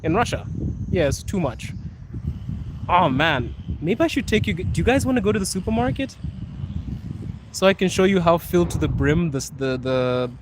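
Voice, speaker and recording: A man's voice: high voice, big pitch swings, normal speed, long pauses. Playful young man streaming from a noisy street. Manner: laid-back, playful, reads chat comments aloud and laughs often. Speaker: livestream host. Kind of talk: casual live-stream chat. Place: outdoors on a city street. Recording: street traffic noise behind.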